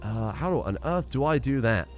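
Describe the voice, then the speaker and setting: A man talks through a strategy game in a loose, thinking-aloud way, throwing in dry little asides. His pitch rises and falls a lot, and his voice sits in a middle register. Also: expressive, normal speed, soft background music. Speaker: let's play streamer. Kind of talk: casual gameplay commentary.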